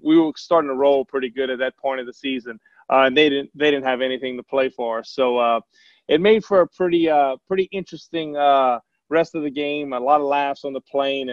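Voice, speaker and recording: A man, a former quarterback, telling a long story in a relaxed, rambling way with plenty of fillers. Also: a little high, dry recording. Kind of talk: casual anecdote telling. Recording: dull lo-fi, dry sound.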